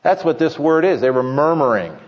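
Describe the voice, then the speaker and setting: A pastor delivering a sermon with emphatic preaching, slowing down to stress key points. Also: male voice, a little high, lively intonation. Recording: muffled sound with long hall reverb.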